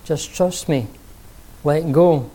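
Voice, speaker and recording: A man doing a calm, wry divine voice, unhurried and matter-of-fact. It sounds mellow and dark in tone. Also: on the high side. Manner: calm, gently dry, instructive. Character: calm, wry male voice of God.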